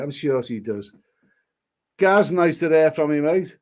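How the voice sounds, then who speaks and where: A man's voice: a little high, animated, measured pace, a little mellow. A man chatting casually on a live stream, reading out comments and rambling with frequent stumbles and repeated words. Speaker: livestreamer reading chat comments.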